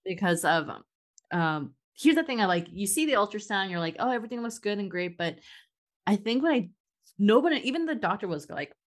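A woman's voice: mid-range voice, big pitch swings, a little fast. A woman telling a long story in casual chat, full of fillers and restarts. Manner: rambling storytelling with many fillers. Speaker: guest mom.

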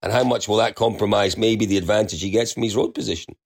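Man, panel co-host, casual chat, pointed questions, lowish voice. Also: vocal fry, slightly rough. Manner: quick to laugh, posing pointed questions.

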